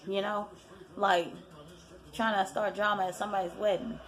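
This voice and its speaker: Woman rambling through a reality tv recap, slangy, animated, talking like she's gossiping with a friend. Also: medium pitch, normal speed. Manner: chatty, animated retelling with quoted voices; lively, slangy storytelling. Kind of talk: casual chat.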